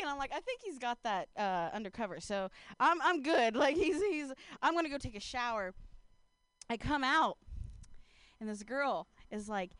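A woman's voice: sits high, lively intonation, moderate pace, fairly bright tone, dry recording. A woman telling a rambling stand-up story, laughing often and filling her talk with "like". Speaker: stand-up comedian.

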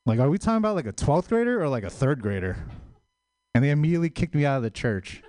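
A man's voice: on the high side, big pitch swings, fast, a little mellow, no room sound, clean studio sound. A man finishing an open-mic stand-up bit, telling a story and closing his set. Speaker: stand-up comedian.

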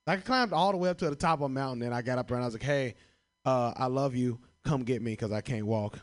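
Profane, laughing stand-up comic. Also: male voice, mid-range voice, normal speed. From Chicago. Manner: profane, laughing at his own jokes. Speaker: stand-up comedian. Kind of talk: stand-up comedy answering prompts.

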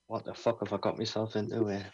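Low-voiced, swearing Scottish man. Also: monotone, quick pace, darkish tone, highs cut off. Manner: swearing, self-mocking, laughing asides. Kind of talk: casual chat on a video call.

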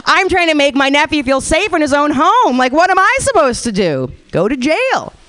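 A woman in her thirties doing a stand-up set, rambling with dark deadpan humor and acting out quotes. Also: sits high, moderate pace. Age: 30s. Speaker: stand-up comedian.

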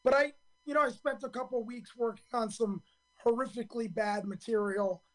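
Hoarse man in his fifties, rambling. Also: extremely high pitch, steady tone, brisk, fairly bright tone, low-quality recording. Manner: earnest and rambling, many ums and restarts. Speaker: stand-up comedian guest. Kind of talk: radio interview storytelling.

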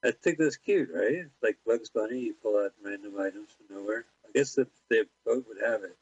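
A man's voice: fairly low pitch, a little fast, a little mellow, breathy edge, no room sound, highs cut off. A man co-hosting an internet radio show, cracking jokes and puns while watching a movie. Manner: wisecracking, trades jokes and puns. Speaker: podcast co-host. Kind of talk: casual movie commentary chat.

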